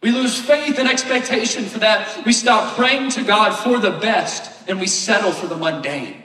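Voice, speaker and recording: A high-pitched man preaching in a casual, conversational way, tossing rhetorical questions to the congregation. His voice rings out from a distance in a large, echoing church sanctuary. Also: normal speed, sharp tone. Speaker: pastor. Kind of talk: sermon. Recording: echoey hall, voice from afar.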